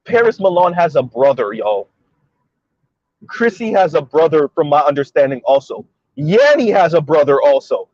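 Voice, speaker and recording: Man, somewhat high voice, rhetorical questions, emphatic commentary. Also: sing-song, normal speed, a little mellow, dry recording, lo-fi sound. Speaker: commentary video host. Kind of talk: monologue commentary.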